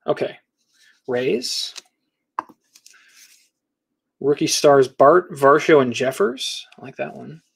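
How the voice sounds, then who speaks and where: A man's voice: fairly high pitch, husky. A middle-aged man hosting a casual live card break, rattling off player names and teams as he opens packs.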